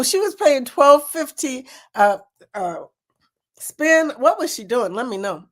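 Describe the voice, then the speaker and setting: Upbeat woman livestream host, lively pitch, laughs often. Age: older. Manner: bubbly, laughs often, talks to viewers by name. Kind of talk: casual live chat.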